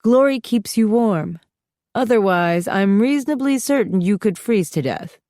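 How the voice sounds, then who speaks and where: A woman reading a brisk, fond mother. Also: mid-range voice, expressive, dark tone, no echo, clean studio sound, natural voice. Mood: teasing. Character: warm teasing mother, confident guide.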